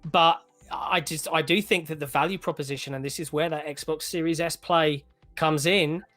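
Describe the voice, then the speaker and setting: A man's voice: a little high, fairly even intonation, normal speed, sharp tone, soft background music. A British man, a guest commentator on a live stream, chatting casually and animatedly, with a cryptic tone and casual swearing. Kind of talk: casual panel chat.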